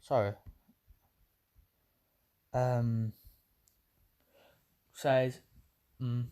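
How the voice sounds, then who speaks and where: A man's voice: mid-range voice, little pitch movement, extremely slow, warm tone, clean tone. A young man retelling a fan story in a rambling, self-correcting way, swearing freely as he goes. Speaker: vlogger.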